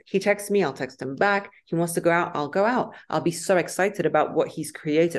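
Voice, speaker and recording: A woman's voice: on the low side, normal speed, hardly any pauses. Emphatic woman guest acting out quotes. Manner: emphatic, acts out quoted lines in lively voices. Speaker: podcast guest. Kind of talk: casual interview chat.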